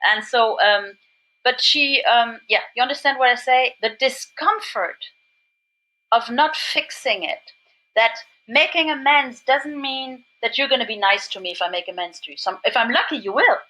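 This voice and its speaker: A woman's voice: a little high, pushed and bright, low-quality recording. A woman from Germany with a German accent, a podcast guest speaking English as a second language, telling her story with enthusiasm and many restarts. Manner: enthusiastic, rapid restarts and repeats. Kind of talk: animated recovery talk.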